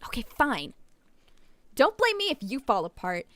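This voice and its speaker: A woman reading aloud the lines of a weary, sarcastic young woman game protagonist, in a dry, quiet, grumbling voice. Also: fairly high pitch, wildly swooping pitch, normal speed, no echo. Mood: irritated.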